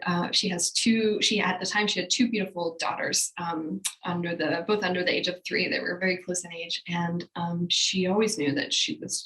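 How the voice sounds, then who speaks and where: A woman's voice: fairly low pitch, a bit bright, echoey room, poor audio. A woman speaking as a psychic medium guest, telling stories casually in a podcast interview, rambling with many fillers and restarts.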